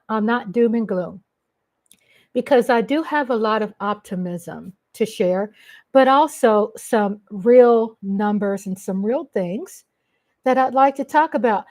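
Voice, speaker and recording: A middle-aged woman from Texas with a Texan accent, hosting a casual livestream and gushing shout-outs to her viewers. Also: a little high. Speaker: livestream host.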